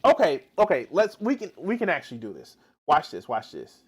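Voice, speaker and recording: A man's voice: fairly high pitch, huge pitch swings, a little fast, husky. A man live-streaming reaction commentary, exasperated and swearing heavily, with rambling restarts.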